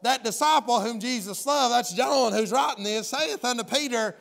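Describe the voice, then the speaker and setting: A man's voice: very high-pitched, normal speed, gravelly, fairly bright tone. A man preaching a folksy sermon, often hollering and acting out the story's characters.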